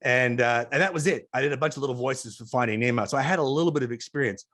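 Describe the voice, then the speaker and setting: A man's voice: mid-range voice, fast talker, fairly bright tone. A middle-aged Australian man, an interview guest on a video call, telling chatty anecdotes with asides in a casual storytelling way.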